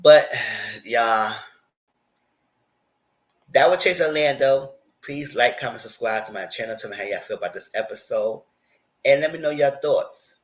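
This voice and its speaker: Man, mid-pitched voice, casual recap host, rambling retellings, quoted asides. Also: unhurried, pauses often.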